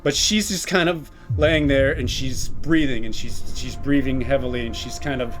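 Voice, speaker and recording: A man's voice: mid-range voice, normal speed, music in the background. A man running a tabletop horror game, describing scenes in a rambling way with frequent restarts. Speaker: game master.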